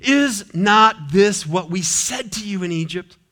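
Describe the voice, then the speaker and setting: A man's voice: high-pitched, animated, unhurried, sharp tone, voice pushed up, full character voice. A man voicing a panicking crowd of grumbling Israelites who nag and complain sarcastically. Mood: whiny. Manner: complaining, sarcastic I-told-you-so nagging.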